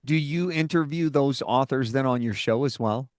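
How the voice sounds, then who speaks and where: A man's voice: medium pitch, normal speed, no echo, studio quality. A man hosting a podcast, asking interview questions and reacting with short exclamations and laughs. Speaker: podcast host.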